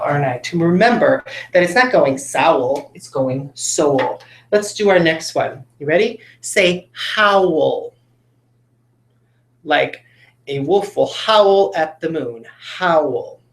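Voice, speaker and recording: A man's voice: a little high, a bit bright. Patient male teacher in roomy echo. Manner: patient, coaxing, with tag questions. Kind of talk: phonics lesson for children.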